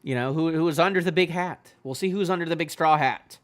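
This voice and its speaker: Bright-voiced man rambling casually. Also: brisk. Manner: rambling, fills with "you know"; low-key and trailing off. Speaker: manga reaction channel host. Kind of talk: casual solo commentary.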